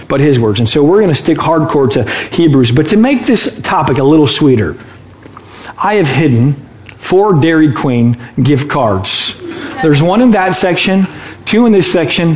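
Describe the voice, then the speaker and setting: Playful, high-voiced man preaching. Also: echoey room. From Michigan, US. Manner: playful, chatty, teasing the congregation. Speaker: pastor. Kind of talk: sermon. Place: church sanctuary.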